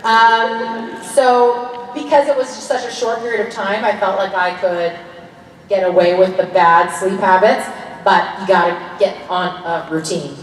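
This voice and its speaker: A woman's voice: medium pitch, measured pace, a little hiss or hum. Chatty woman in an echoey hall. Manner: chatty, candid, laughs often, swears casually. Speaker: convention panel guest. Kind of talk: casual convention Q&A chat. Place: large convention hall. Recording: echoey hall, distant mic, faint ambience.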